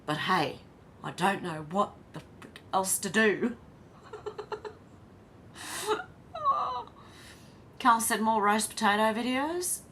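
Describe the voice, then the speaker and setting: A woman's voice: medium pitch, sing-song, very slow, pauses often, a bit bright, slight background noise. Chatty Australian woman live-streaming. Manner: chatty, laughs often, blunt and swears. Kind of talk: casual live-stream chat reading comments.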